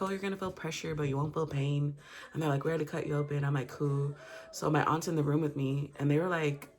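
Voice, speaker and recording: A young woman vlogger, telling a story in casual, profane chat and acting out the quotes. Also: low-pitched. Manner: candid and profane, acts out quotes.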